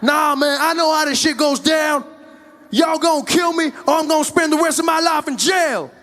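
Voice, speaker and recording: A man playing a scared, defiant suspect barricaded from police, shouting his innocence. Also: very high-pitched, normal speed, faint music behind, pitched above the performer's own voice.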